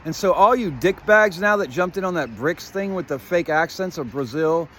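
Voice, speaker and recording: A man's voice: a little high, lively intonation, normal speed, a bit bright, a little hiss or hum. A man delivering a rambling, profanity-laced conspiratorial monologue as a vlogger, jumping between topics and playing on words while speaking straight to his viewers. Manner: profane, swears often; addresses viewers directly with "guess what" and "you get it".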